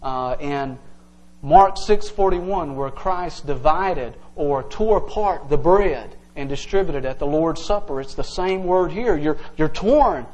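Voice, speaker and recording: A man's voice: a little high, animated, slow, darkish tone, rough recording. A male pastor preaching an earnest, emphatic evening sermon to his congregation, teaching verse by verse.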